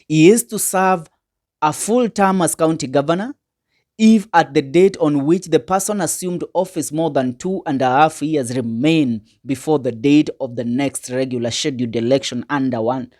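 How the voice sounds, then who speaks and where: A woman's voice: sits low, moderate pace, darkish tone. A woman commentator reading out and explaining legal text to viewers, emphatic, asking rhetorical questions. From Kenya. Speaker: political commentator.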